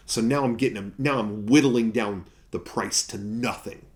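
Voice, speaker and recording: A man spins a collecting story like an epic tale. He swells loud, then drops to near-whispers for effect. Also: lowish voice, normal speed, hardly any pauses. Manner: dramatic, swings between loud and hushed. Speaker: toy collector vlogger. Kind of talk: mock-epic storytelling to camera.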